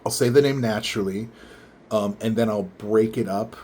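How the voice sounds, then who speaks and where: A low-voiced man with a darkish tone, a vlogger teaching how to pronounce names, leans in toward the microphone and carefully enunciates a word, repeating it slowly syllable by syllable. It's casual explanatory talk to camera, with a little hiss or hum in the background.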